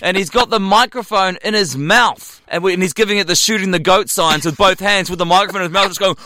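A man's voice: sits high, brisk, background noise. A man from New Zealand, co-hosting a casual chat show and telling long rambling stories with acted-out quotes. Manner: rambling storyteller, acts out quotes. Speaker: co-host.

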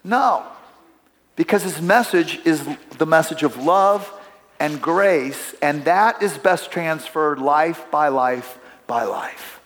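Middle-aged male pastor, conversational storytelling sermon, fairly high voice, church sanctuary with long reverb. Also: slow pace, a bit bright. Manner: conversational, storytelling with asides to the congregation.

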